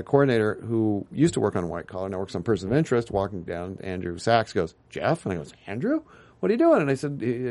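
A man guest in a casual interview, telling rambling anecdotes full of tangents and acted-out quotes. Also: mid-range voice. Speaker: guest, TV writer and producer.

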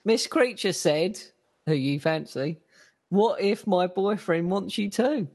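Man from southern england, husky voice, slow pace, teasing, casual podcast chat. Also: high voice, a little mellow. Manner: teasing, steers the talk. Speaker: podcast co-host. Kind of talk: casual chat among friends.

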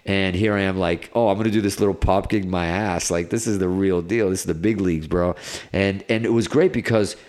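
A middle-aged man with a fairly low voice tells stories from the road in a loose, chatty interview. He rambles, doubles back, and piles on filler words as he goes. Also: a little fast. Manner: animated, rambling, filler-heavy with many "like"s. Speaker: guest guitarist. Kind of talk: casual interview storytelling.

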